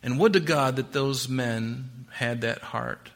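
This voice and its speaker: A man preaching a sermon, quoting scripture and swinging between emphatic rises and hushed drops. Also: mid-range voice, slow pace. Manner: expository preaching with scripture quotes. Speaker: pastor.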